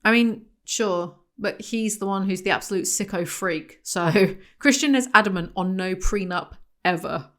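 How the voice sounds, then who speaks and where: A young woman giving a comedic book review, full of sarcastic, deadpan asides. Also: mid-range voice, unhurried, few pauses.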